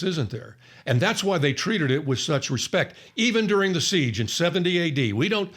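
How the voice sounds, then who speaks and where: A man teaching on the Bible in a conversational storytelling way, acting out the people he quotes. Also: mid-range voice. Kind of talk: sermon-style Bible teaching.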